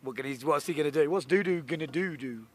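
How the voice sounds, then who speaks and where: Excitable high-voiced commentator. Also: male voice, quick pace, slight background noise. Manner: jokey, excitable, chatty. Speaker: sports commentator. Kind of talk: live commentary. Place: on a boat on a lake, outdoors.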